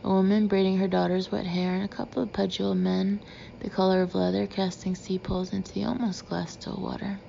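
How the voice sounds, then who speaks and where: A woman narrating a first-person audiobook in a steady, measured way. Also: mid-range voice, gravelly. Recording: slightly dull with faint hiss.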